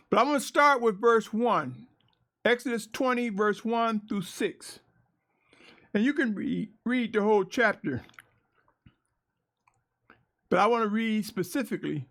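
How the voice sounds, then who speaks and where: A man preaching a sermon and reading scripture aloud, earnest and emphatic, with drawn-out pauses. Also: high-pitched, a bit bright.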